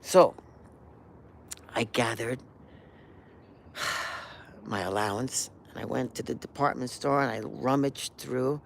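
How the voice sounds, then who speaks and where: An unhurried man in his sixties rambles through a personal story on a live stream, full of restarts and asides. He now and then sings a melody or acts out what someone said. A faint hum of noise sits under his voice. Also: mid-range voice, gravelly. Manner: rambling, animated storytelling with sung melodies and acted-out quotes. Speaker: host.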